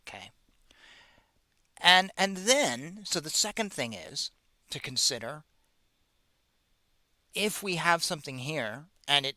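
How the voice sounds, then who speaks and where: A man's voice: fairly high pitch, sharp tone, dry recording. A man hosting a show, retelling an ancient epic in a casual, slangy, joking way. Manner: slangy, joking, with playful asides. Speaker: host. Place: in America.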